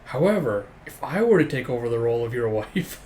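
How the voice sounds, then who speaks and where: A man's voice: mid-range voice, sing-song, fairly quick, a little mellow, slight background noise, voice pushed down, close to an everyday voice. A man doing a cold, terse woman spy. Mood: curt.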